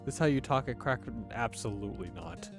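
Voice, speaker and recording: A man's voice: medium pitch, a little fast, music in the background. A man streaming a game, casually thinking aloud and asking his viewers questions. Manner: relaxed, thinking aloud, asks chat questions. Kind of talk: casual gameplay chat with viewers.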